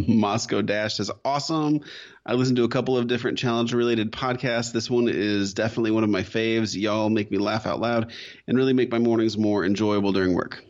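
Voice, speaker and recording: A man's voice: lowish voice, fairly even intonation, a little fast, a little mellow, lo-fi sound. A man co-hosting a casual podcast, reading listener reviews aloud with dry joking asides. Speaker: podcast co-host. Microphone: headphones and microphone.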